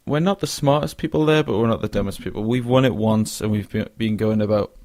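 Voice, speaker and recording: A young man talks through a loose solo podcast, drifting between thoughts with plenty of ums and false starts. His voice sits low with a gravelly edge, and he yawns a bit as he goes. The sound is close and dry, with no room around it. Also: fast talker, a little mellow, no room sound. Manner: rambling, frequent fillers and restarts. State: yawning, drowsy. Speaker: podcast host. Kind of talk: casual solo monologue.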